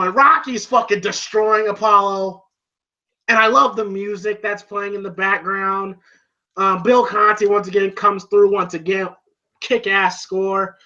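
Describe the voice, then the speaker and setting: A man casually recapping a film in a vlog, excitable and profane, with many fillers. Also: high voice, highs cut off. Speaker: film reviewer.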